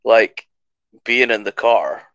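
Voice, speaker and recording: A man's voice: lowish voice, expressive, slow pace, fairly bright tone, no echo. A man with a Scottish accent co-hosting a podcast in casual chat, blunt and swearing freely, while losing his voice. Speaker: podcast co-host. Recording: dull, dry lo-fi sound.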